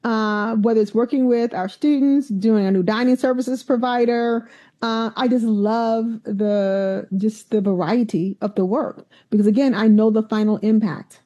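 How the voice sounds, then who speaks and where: A middle-aged woman with a fairly high, mellow voice tells her stories with animated emphasis. The recording sounds slightly dull and lo-fi. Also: a little slow. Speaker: university president, guest. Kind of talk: conversational interview.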